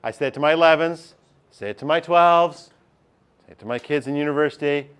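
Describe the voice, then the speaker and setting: A man's voice: on the high side, fairly quick, fairly bright tone, smooth. A male teacher, giving a chatty classroom lesson and often checking in with his class.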